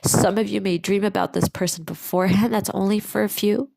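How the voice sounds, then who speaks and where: A woman giving a channeled tarot reading to her viewers, speaking slowly and soothingly and repeating phrases for emphasis. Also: mid-range voice, steady tone, gravelly, darkish tone, no room sound, poor audio. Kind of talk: channeled pick-a-card reading to camera.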